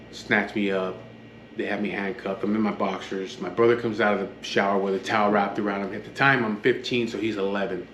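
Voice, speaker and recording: A man's voice: lowish voice, a bit bright. A man from the Los Angeles area, casually telling his own story in a blunt, profane, matter-of-fact way, acting out what others said in his own voice. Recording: echoey room with faint background hum.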